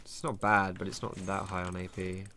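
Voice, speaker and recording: A man giving excitable live commentary over his own gameplay, thinking aloud and swearing casually. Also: sits low, normal speed, background noise. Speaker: gaming streamer. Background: keyboard typing.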